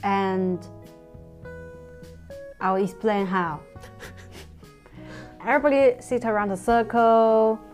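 A woman's voice: medium pitch, very slow, pauses often, a little mellow, faint music behind. A woman from China whose first language is Mandarin, co-hosting a podcast in casual chat and mixing in Mandarin. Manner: playful, competitive, switches between English and Mandarin. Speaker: podcast co-host.

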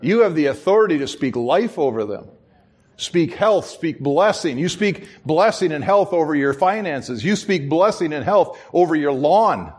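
High-voiced man preaching a sermon. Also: lively intonation, moderate pace, darkish tone, breathy edge. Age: middle-aged. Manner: storytelling, acts out quoted voices, chuckles at himself. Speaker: pastor.

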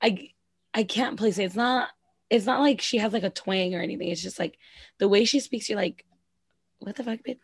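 A woman in a mid-range voice gossips about a reality TV show, her talk packed with "like" and quick asides. The sound is dry and close, with no room around it. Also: medium pitch, vocal fry, slightly rough, dry recording. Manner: quick, gossipy, filler-heavy with lots of "like". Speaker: podcast co-host. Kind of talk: casual reality TV recap chat.

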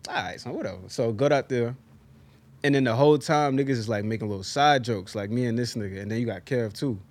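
Speaking fast at a medium pitch, this young podcast co-host spins casual stories with his friends. He's animated, performs the quoted lines, and laughs frequently.

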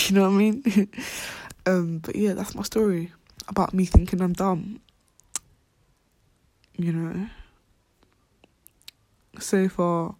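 A woman's voice: on the low side, a little mellow, dry recording. Young woman, rambling and heartfelt. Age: young adult. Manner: rambling, heartfelt, full of fillers and restarts; slang-heavy, drops to whispers at times. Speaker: college student. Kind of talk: casual personal vlog.

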